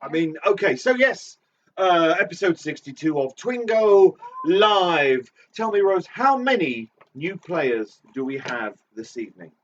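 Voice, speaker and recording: A man's voice: fairly high pitch, very animated, measured pace, a little hiss or hum. A man hosting a live comedy game show in a playful, camp, theatrical way, from a small club stage. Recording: distant, dull lo-fi stream audio.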